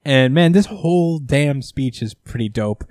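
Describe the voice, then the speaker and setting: A man's voice: medium pitch, lively intonation, a little slow, a little mellow, dry recording, clean studio sound. A man hosting a casual chat, retelling a comic story with profanity, laughter and enthusiasm. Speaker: podcast host recapping comics. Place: lives in New York.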